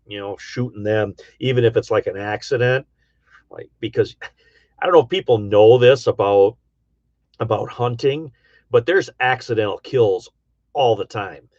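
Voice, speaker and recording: A man's voice: fairly low pitch, normal speed, a little mellow, no room sound. A middle-aged man with an Upper Midwest accent, rambling folksy and casual while he reads out chat on a livestream, with plenty of ums and uhs. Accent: Upper Midwest, Michigan. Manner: rambling, folksy, many fillers. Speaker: livestream host reading chat. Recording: dull dry lo-fi sound.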